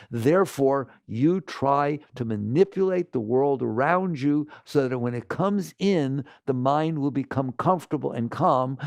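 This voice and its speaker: A man giving a spiritual talk to a live audience, animated and acting out inner voices in exaggerated quotes. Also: a little high, vocal fry, no room sound, studio quality. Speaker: spiritual teacher.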